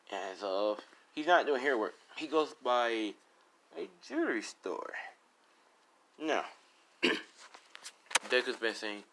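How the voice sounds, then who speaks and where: A man's voice: lowish voice, a bit bright. A man casually telling a fan story, rambling and full of fillers as he retells who said what.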